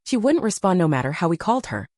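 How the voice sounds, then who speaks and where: A man's voice: high voice, sing-song, fast, darkish tone, dry recording, clean studio sound. A woman reading the lines of a harried male assistant in a storybook, explaining anxiously.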